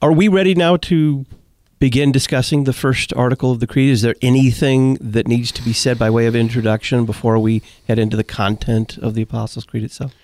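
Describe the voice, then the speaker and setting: Measured male radio host, dry studio. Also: mid-range voice, fairly even intonation, a little mellow, dry recording. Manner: measured, asks framing questions. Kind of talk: hosting a radio talk show.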